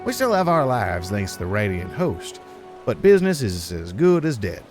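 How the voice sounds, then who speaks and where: A man's voice: fairly low pitch, huge pitch swings, normal speed, faint music behind. A man voicing a fretful male port merchant in a video game, with a put-on accent.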